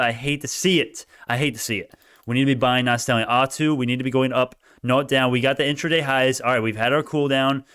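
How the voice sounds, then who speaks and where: Man, stock streamer, rapid delivery, smooth clear voice, excitable, cheers and mumbles, argues with chat. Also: medium pitch. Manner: excitable, swings between mumbling asides and loud cheering; argues back at chat comments, laughs often. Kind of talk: live stock commentary, chatting with viewers.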